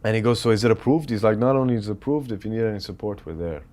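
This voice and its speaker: Emirati filmmaker guest, thirties, lowish voice, lively anecdotes full of quoted dialogue. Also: male voice, racing. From United Arab Emirates. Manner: animated, quotes others while telling anecdotes. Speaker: film director guest. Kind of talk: casual interview storytelling.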